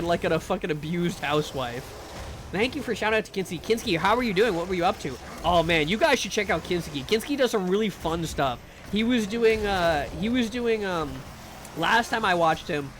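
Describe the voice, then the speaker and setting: Male live streamer with a high voice, chatty and profane, over a noisy background. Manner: rambling and profane, with excited sing-song greetings. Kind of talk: casual chat with live viewers.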